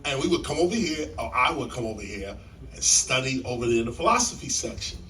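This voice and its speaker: A man telling a story to a live audience in a library hall, animated and emphatic like a preacher, repeating key lines and jumping in pitch. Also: fast talker, far from the mic, a little hiss or hum. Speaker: guest speaker on stage.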